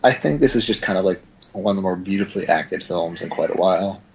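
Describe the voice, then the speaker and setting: A low, gravelly man talks through a film he loves, hedging his points with soft qualifiers. His voice comes across husky and a little muffled, like a dull lo-fi recording. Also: lively intonation, quick pace, a little hiss or hum. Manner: thoughtful, hedging with "like" and "kind of". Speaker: podcast co-host. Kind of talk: casual film discussion. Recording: dull lo-fi sound.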